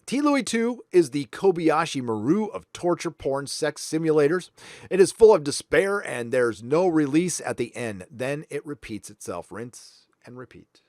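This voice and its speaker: A man's voice: on the high side, sing-song, normal speed, darkish tone, dry recording, studio quality. A man hosting a livestream, reading viewer donations aloud with blunt, profane, sarcastic asides. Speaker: livestream host.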